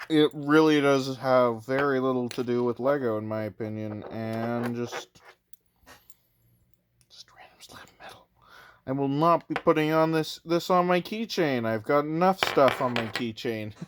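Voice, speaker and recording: A man's voice: on the high side, a little hiss or hum. A young man, hesitant and rambling with lots of fillers, sounding tired as he records a casual review late at night. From Canada. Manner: hesitant, rambling, self-deprecating, many fillers. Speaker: toy reviewer.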